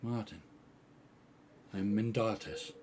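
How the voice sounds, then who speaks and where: A man voicing a busy, brisk half-elven woman healer in a tabletop game. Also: lowish voice, a little mellow, slight background noise. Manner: brisk, scolding.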